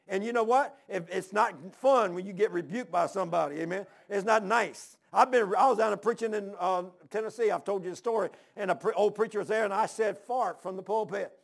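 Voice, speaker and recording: A man's voice: high-pitched, gravelly. A man preaching a folksy, storytelling sermon, repeating his phrases. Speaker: pastor.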